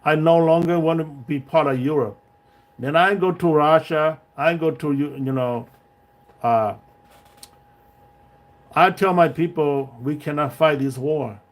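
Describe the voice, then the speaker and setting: A man's voice: fairly high pitch, measured pace, pauses often. A man hosting a livestream, giving his opinions in broken, non-native English, with many restarts and direct checks with his viewers. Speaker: livestream host. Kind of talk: casual opinion monologue.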